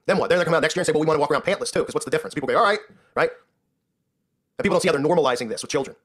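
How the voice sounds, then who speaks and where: Male commentary host, husky, very fast, indignant sarcastic rant. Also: fairly high pitch, a bit bright. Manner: indignant, sarcastic, repeats "right?". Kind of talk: ranting commentary.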